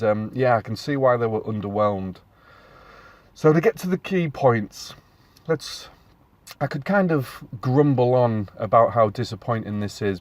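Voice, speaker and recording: A man's voice: on the low side, no room sound. A man in his thirties giving a casual, rambling film review as a podcast host, with many fillers and restarts. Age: 30s.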